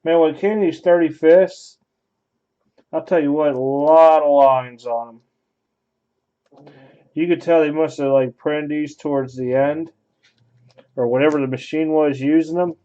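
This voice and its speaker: A man with a slightly higher, mellow voice talks casually as he opens packs. He thinks aloud in loose, offhand running commentary. The sound is dull and lo-fi. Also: steady tone, measured pace, long pauses. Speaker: card break host. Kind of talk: casual card-opening commentary.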